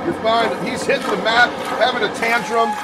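A man hosting a gaming channel, giving casual, excitable commentary on a wrestling match. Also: very high-pitched, brisk, heavy background noise. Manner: excitable, exclaims often. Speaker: host.

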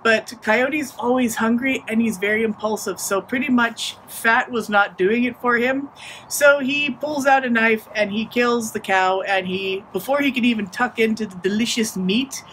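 A storyteller retelling a traditional folktale in a relaxed, playful way with modern slang. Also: mid-range voice, normal speed, a little hiss or hum, low-quality recording. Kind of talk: casual oral storytelling.

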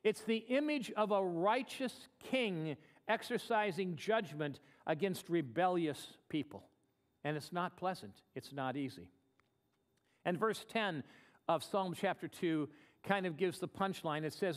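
High-voiced man preaching a sermon. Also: animated. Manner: earnest preaching, slowing to read scripture aloud. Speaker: pastor. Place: church sanctuary. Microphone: live broadcast.

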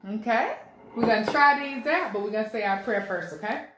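A woman's voice: fairly high pitch, lively intonation, a bit bright, slight background noise. A woman hosting a casual eating show, playful and laughing. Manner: playful, laughing, drawn-out mmm sounds while eating. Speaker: mukbang host. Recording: echoey room.

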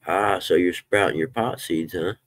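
Brief: low-voiced man, relaxed folksy live-stream chatter, dry close sound. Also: moderate pace, no echo. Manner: folksy, swears when fired up. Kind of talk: casual live-stream chat.

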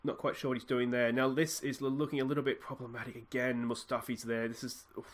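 In this casual gameplay commentary, a young man with an Australian accent talks quickly over his football management game through a desk microphone. His medium-pitched voice rambles cheerfully over tactics and subs as he thinks out loud, then erupts into excited yelling when his side scores.

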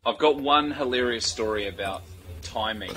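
Animated Kiwi man in his forties. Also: medium pitch, normal speed, a loud crowd, low-quality recording. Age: 40s. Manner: animated storyteller, swears freely, acts out quoted voices. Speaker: guest, startup founder. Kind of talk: casual interview chat.

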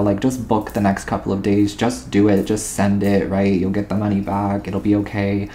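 A man's voice: lowish voice, mellow, slight background noise. A man doing a tarot reading to camera, rambling and intuitive, often checking in with "okay?" and "all right?". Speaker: tarot reader.

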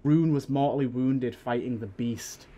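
A man voicing a blunt, forceful male warrior who speaks firmly, in a read-aloud game story. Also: medium pitch, measured pace, close to an everyday voice. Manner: firm, forceful.

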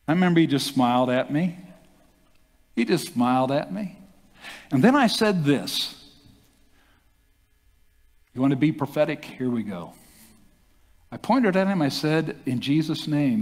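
An older male pastor preaching a testimony, his somewhat raised voice ringing through a reverberant church hall. He tells the story in an animated way and acts out the voices he quotes. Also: on the high side, moderate pace, pauses often. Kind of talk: sermon testimony.

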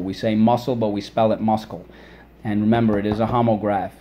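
A male teacher giving a children's spelling and vocabulary lesson, upbeat, drilling each word syllable by syllable and pausing for the class to repeat. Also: on the low side, mellow, a little hiss or hum.

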